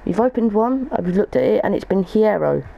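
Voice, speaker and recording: Gravelly young man chatting over a game. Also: high-pitched, expressive, fairly quick, muffled recording. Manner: chatty, thinks aloud while opening packs. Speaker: gaming YouTuber. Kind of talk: casual gaming commentary.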